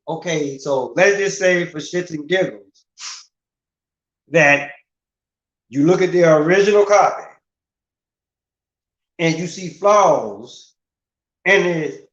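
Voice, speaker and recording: A man's voice: on the high side, a bit bright. A middle-aged man in a casual, profane rant as a livestream host, asking rhetorical questions with emphasis. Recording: roomy, dull lo-fi sound.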